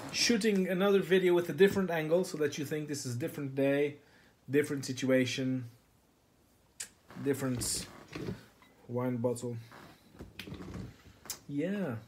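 A man's voice: fairly high pitch, fairly even intonation, unhurried, long pauses, a little mellow, slight background noise. A man who does stand-up, telling a rambling, profane, absurd story straight to camera. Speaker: comedian vlogger. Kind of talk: rambling comic monologue to camera.

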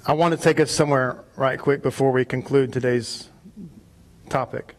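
A man preaching a sermon in a synagogue, arguing emphatically and rising to loud peaks on key points. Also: medium pitch, steady tone, normal speed. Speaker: rabbi.

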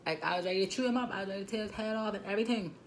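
A woman in her twenties with a Turks and Caicos Islands accent telling a storytime vlog, animated and indignant, with frequent asides, on a phone camera mic. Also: medium pitch, rapid-fire, a little hiss or hum. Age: 20s. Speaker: vlogger.

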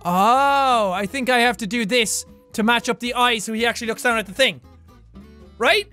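High-pitched, excitable man gaming. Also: moderate pace, soft background music. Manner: loud, excitable, swearing often, laughing. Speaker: gaming YouTuber. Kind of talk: let's play commentary.

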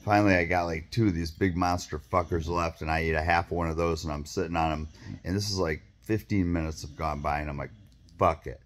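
A man with a low voice tells a long, meandering story straight to camera. He swears freely and keeps stopping to restart sentences and throw in asides. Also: steady tone, fairly quick, slight background noise. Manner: rambling, profane, lots of fillers and restarts. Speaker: vlogger.

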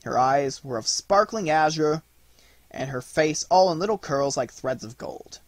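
A man narrating a classic storybook with an expressive read. His voice is slightly husky and sits a bit high, swinging widely in pitch. The recording is close and dry. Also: a little slow, no room sound. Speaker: audiobook narrator.

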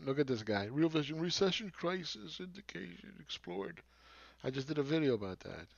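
A man's voice: a little high, very animated, a little fast, creaky, no echo. A man hosting market commentary, ranting in a mocking, profane and emphatic way. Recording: dull lo-fi dry sound.

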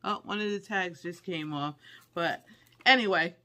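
Lady doing a haul vid, crisp bright tone, gets all squealy and excited. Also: fairly low pitch, unhurried. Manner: chatty, excitable, squeals with delight. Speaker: haul vlogger. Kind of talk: casual haul video chat.

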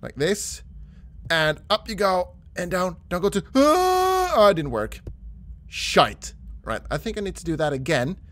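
A young man commentating his own mini golf game play, talking to himself and his viewers, gasping and yelling when shots go well or badly. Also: high-pitched, a little slow. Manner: excitable, gasping and shouting at shots. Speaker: gaming YouTuber.

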